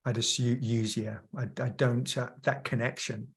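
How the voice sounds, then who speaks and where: A man taking part as the guest in a coaching session, speaking haltingly and searching for words with many restarts. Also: mid-range voice, level tone, slightly rough. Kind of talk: reflective conversation.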